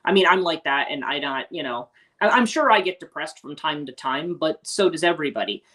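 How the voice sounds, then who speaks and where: A woman's voice: deep voice, expressive, a little fast, fairly bright tone. A woman hosting a casual morning livestream, chatting with viewers and rambling with many restarts and asides. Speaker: host; teacher and life coach.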